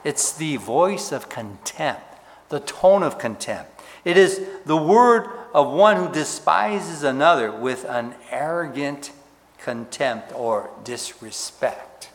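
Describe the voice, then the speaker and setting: Guy preaching slow and emphatic, voice rings out in a big reverby church. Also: expressive. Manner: emphatic preaching, drops to a low hush on key words. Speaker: pastor. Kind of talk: sermon.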